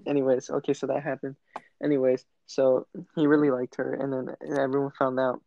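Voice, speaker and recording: Flat-voiced young man on a dull, dry mic. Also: medium pitch, brisk, vocal fry, dry recording. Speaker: podcast co-host. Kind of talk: casual podcast storytelling.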